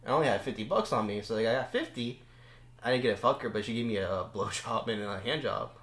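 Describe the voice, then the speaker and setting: A man's voice: fairly low pitch, animated, fast, a bit bright. A young man, a podcast guest, telling stories in laid-back casual chat, swearing freely. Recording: roomy echo.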